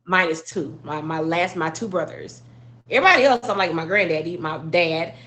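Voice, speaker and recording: A woman from Arkansas shares a heartfelt personal story, earnest and emotional, often using fillers and restarting. Her voice is on the low side but fairly bright in tone, and she speaks at a normal speed.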